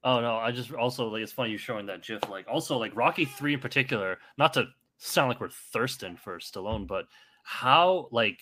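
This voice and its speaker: A man's voice: medium pitch, moderate pace, background noise. A man, a guest on a podcast, talking casually about films with a few restarts. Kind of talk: casual movie chat.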